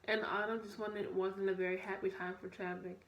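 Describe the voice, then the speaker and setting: A woman's voice: mid-range voice, level tone, fairly quick. Young woman reading a storybook aloud. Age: young adult. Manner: stumbling, self-correcting read. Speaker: student reader. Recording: echoey room, faint noise.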